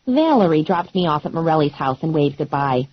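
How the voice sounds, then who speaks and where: A woman narrating an audiobook in first person with a wry, deadpan comic delivery. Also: low-pitched, fairly quick, no room sound, muffled recording.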